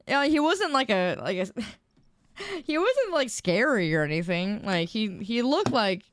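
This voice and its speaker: A woman's voice: fairly high pitch, sing-song, a little slow, slight background noise. A young woman streamer chatting casually with her viewers, telling a story in a giggly, self-deprecating way.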